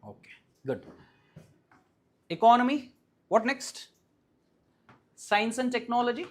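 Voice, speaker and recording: A teacher with an Indian English accent giving a live classroom lecture, often asking the class questions and checking that they follow, and repeating key points slowly and firmly. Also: mid-range voice, very animated. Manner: keeps quizzing the class and checking understanding. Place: classroom with students present.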